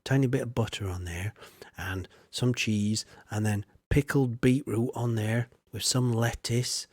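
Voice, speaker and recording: A man's voice: mid-range voice, measured pace, darkish tone, no echo. A man streams a farming game in loose, rambling chat, full of self-mocking asides. His voice sits mid-height for a man. The sound is close and dry, with no room around it. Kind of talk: casual gameplay chat.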